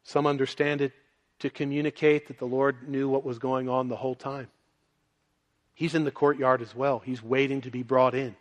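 A man preaching a sermon, moving between quiet, low passages and loud, emphatic ones. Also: little pitch movement, moderate pace. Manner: dynamic, swings from soft and low to loud and emphatic.

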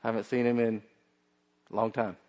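A pastor preaching a sermon, telling stories and acting out voices with animated emphasis. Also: male voice, on the low side, normal speed, in a large hall.

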